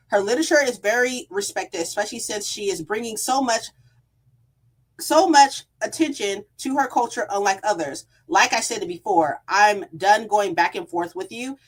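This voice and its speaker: A woman book vlogger ranting in a casual storytime, reading out comments and answering them with sarcasm, heavy swearing and frequent laughter. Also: mid-range voice. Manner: heated, sarcastic, swears a lot, laughs often; reads out comments in a flat voice.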